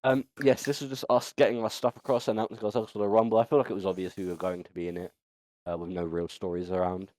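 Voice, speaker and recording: Rambling man, low voice. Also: little pitch movement, fast, a little mellow, no room sound. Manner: rambling, stumbling, lots of ums and restarts. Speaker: podcast host. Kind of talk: casual chat.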